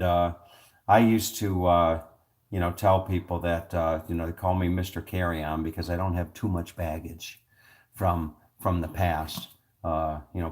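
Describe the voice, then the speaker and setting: A man chatting casually to camera, rambling and filling pauses with "you know" and "uh". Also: low-pitched. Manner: chuckling storyteller. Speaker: vlogger.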